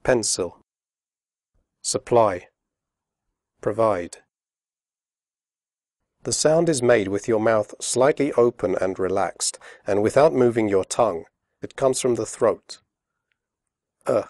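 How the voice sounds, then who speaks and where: A man with a British accent teaching English pronunciation, modelling words and sounds slowly and clearly for learners. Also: mid-range voice, a little mellow, no room sound, studio quality. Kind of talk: scripted instructional narration.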